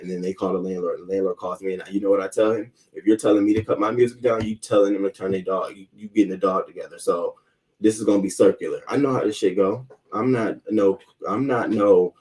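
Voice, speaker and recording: A man rants in a heated, profane stream of talk while greeting chat viewers by name. His voice sits low and mellow. He sounds set back from the microphone. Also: distant mic. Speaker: host. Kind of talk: casual live-stream rant.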